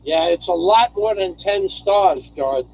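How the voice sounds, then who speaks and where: A man hosting a casual live stream from home, rambling as he reads out viewer names and thanks donors, his voice hoarse from singing. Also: high-pitched, animated, slow pace, darkish tone, low-quality recording. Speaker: livestream host.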